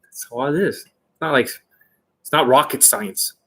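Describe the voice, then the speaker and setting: A man's voice: mid-range voice, a little slow, fairly bright tone. A man hosting an unscripted coaching Q&A, talking in a blunt, aggressive and profane way. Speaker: dating coach host.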